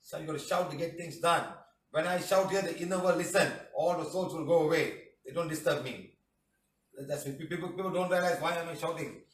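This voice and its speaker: A man teaching a healing class, blunt and emphatic, with loud bursts. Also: a little high, fairly even intonation, fairly quick. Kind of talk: animated class talk. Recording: echoey hall, mic far off.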